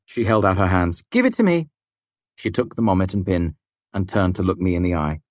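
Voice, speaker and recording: A man narrating an audiobook in a calm, steady storytelling voice. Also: low-pitched, a little fast, dry recording. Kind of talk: scripted narration.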